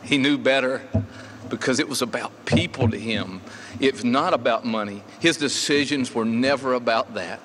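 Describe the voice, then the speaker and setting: A middle-aged golf coach gives a memorial tribute that rambles through stories, with many fillers and restarts. His mid-range, slightly bright voice moves at normal speed in a reverberant hall with faint ambience and slight background noise.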